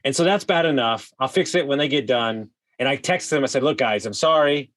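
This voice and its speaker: A man telling a wild story as a podcast guest, animated, swearing freely and full of "like" fillers. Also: medium pitch, fairly quick. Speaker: guest, vacation rental host. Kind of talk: casual storytelling.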